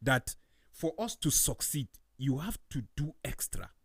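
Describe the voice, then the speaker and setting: A man's voice: medium pitch, big pitch swings, a little slow, creaky, fairly bright tone, husky, no room sound, clean studio sound. A man on a panel talk show, who restarts his sentences and offers agreeing hums. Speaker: co-host.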